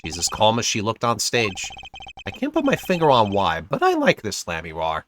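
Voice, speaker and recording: A man's voice: fairly low pitch, wildly swooping pitch, normal speed, fairly bright tone, a little hiss or hum. A man reading the lines of a young male defense attorney in a game, wry and thoughtful.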